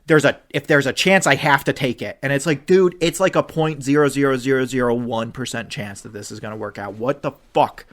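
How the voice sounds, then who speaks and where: A man co-hosting a podcast, ranting about football with an animated, swearing delivery that climbs toward near-shouts when he gets upset. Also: medium pitch, fairly quick, few pauses. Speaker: podcast co-host. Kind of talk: ranting sports chat.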